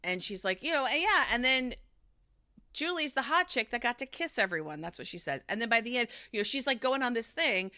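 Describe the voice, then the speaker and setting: Bright-voiced woman recapping reality TV. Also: on the high side, animated, brisk, dry recording, clean studio sound. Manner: chatty storytelling, acting out quotes, swearing freely. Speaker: podcast host.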